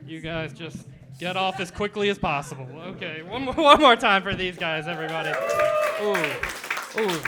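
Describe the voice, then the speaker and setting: Man, comedy show host, high voice, joking, loud noise behind. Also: animated, normal speed. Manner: loose, joking, calls for applause. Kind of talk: live comedy show hosting.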